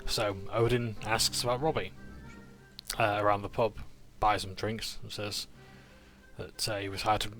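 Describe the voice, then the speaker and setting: A man's voice: fairly low pitch, little pitch movement, a little slow, pauses often, a bit bright, faint music behind. A man casually recapping a tabletop game session, with frequent "uh"s and self-corrections as he narrates.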